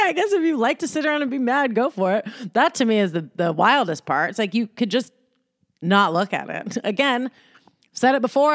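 A woman's voice: a little high, no echo, clean studio sound. Sassy, profane woman podcaster. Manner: profane, sassy and animated, with frequent laughs and mock voices. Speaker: podcast host. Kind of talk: casual solo podcast monologue.

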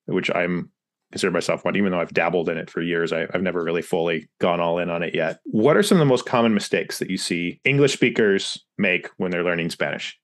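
A man's voice: deep voice, fast. A man hosting a podcast, asking questions casually and often chiming in with short agreements. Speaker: podcast host. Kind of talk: podcast interview.

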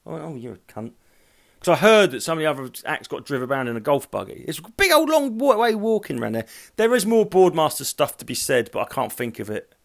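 A man's voice: fairly high pitch, big pitch swings, fast, creaky, few pauses. A middle-aged man hosting a solo podcast at home, rambling and sweary, hot, hungover and tired. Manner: rambling, sweary, self-mocking. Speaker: podcast host. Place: at home, walking through rooms.

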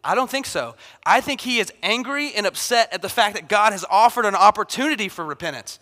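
A man in his thirties, a pastor, preaching a sermon in a casual, animated way. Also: high-pitched, a little fast. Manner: casual and animated, acts out Bible figures. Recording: long hall reverb.

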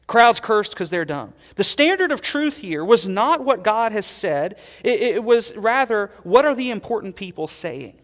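A man preaching a sermon as pastor, earnest, swelling loud and then dropping to quiet emphasis. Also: sits high, sing-song, unhurried, hardly any pauses, in a large hall.

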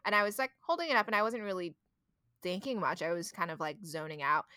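A young woman, a podcast co-host, chatting casually and telling animated stories, acting out exasperated exchanges with her mother. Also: fairly low pitch, quick pace, dry recording, studio quality. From child of immigrant parents. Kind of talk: casual chat.

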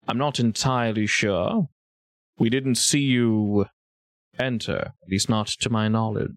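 A man's voice: fairly low pitch, steady tone, unhurried, no room sound, clean studio sound. A man voicing a courteous, formal male base commander in a tabletop game. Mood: suave.

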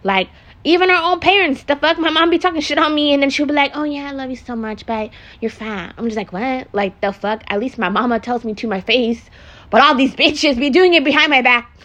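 A woman's voice: high-pitched, a little fast, fairly bright tone. A young pregnant woman chatting casually and frankly on her podcast, swearing freely and filling her speech with "like". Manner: frank and profane, heavy use of "like". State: pregnant, emotional. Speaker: vlogger doing a makeup podcast. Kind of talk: casual confessional chat.

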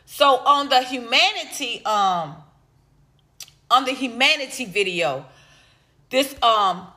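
A comedian from Atlanta talks straight to her viewers, her high, bright voice lively and playful as she stretches out teasing repeats. The room around her rings with noticeable echo. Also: slow. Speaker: stand-up comedian. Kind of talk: casual vlog reading viewer comments.

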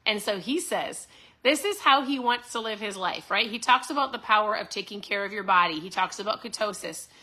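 A woman in her forties hosts a casual motivational talk, upbeat and chatty, frequently tossing a quick "right?" to her listeners. Her mid-range voice is animated, pushed, and bright.

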